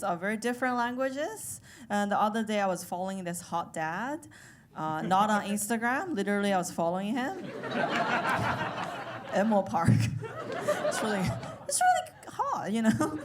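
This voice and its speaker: A young adult woman doing a live stand-up routine, telling her story in a playful, self-amused way. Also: medium pitch. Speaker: stand-up comedian. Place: live comedy stage before an audience. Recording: live show with audience laughter.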